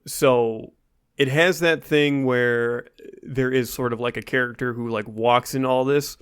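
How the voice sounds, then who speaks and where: A man co-hosting a podcast, explaining in relaxed casual chat with many fillers. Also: mid-range voice, measured pace, smooth. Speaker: podcast co-host.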